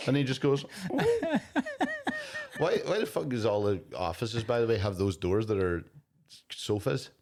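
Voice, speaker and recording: A man's voice: fairly low pitch, animated, darkish tone. A man co-hosting a comedy podcast, rambling and swearing casually about a film. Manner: sweary, rambling, quick to laugh. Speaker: podcast co-host.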